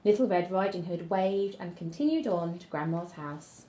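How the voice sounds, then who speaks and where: A woman teacher reading a fairy tale aloud to children, with expressive storytelling. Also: lowish voice, moderate pace. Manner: expressive storytelling, gasps and whispers.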